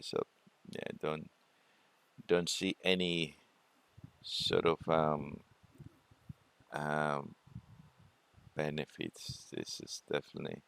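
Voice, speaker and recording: Man, very deep voice, gravelly, slow trading walkthrough, thinking aloud. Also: fairly bright tone, no room sound. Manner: unhurried, thinking aloud with many fillers. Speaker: forex trading presenter. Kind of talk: screen-share trading walkthrough.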